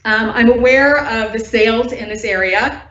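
A woman resident joins a council meeting by video call from inside her home, earnestly and nervously pressing objections as her voice trembles with upset. She has a fairly high, fairly bright voice at a moderate pace, and the recording comes through distant, echoey, and dull.

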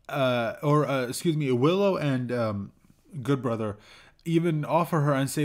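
A man giving a casual spoken review of a cartoon episode, talking haltingly with many fillers and restarts and chuckling now and then. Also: medium pitch, a little mellow. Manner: chuckles while recounting scenes. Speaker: show reviewer.

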